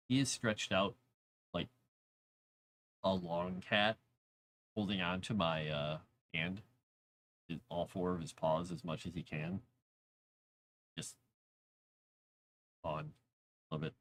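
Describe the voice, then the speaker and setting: A man's voice: sits low, steady tone, slow, pauses often, fairly bright tone. A man chatting casually on a live stream while writing fantasy lore, rambling, talking to his cat and reading chat aloud.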